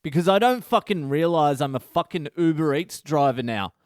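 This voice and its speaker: A man's voice: on the high side, lively intonation, moderate pace, no room sound, clean studio sound. A middle-aged man, hosting a comic podcast and telling a story in a brash, swear-heavy monologue. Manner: swears constantly, brash and exaggerated. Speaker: comedian podcast host.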